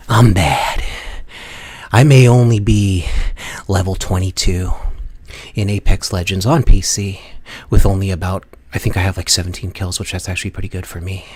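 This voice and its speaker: A man's voice: deep voice, steady tone, normal speed, darkish tone, husky. A man hosting a gaming channel, ranting casually in a mocking, profane tone. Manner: mocking, profane, trash-talking. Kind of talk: casual gaming vlog rant.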